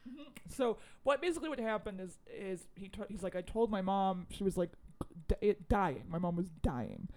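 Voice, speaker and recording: A woman in easy conversation, retelling a film's plot with lively quoted dialogue and frequent laughter. Her voice sits in a middle range with noticeable vocal fry. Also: medium pitch, moderate pace. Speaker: podcast co-host. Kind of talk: casual chat recapping a movie.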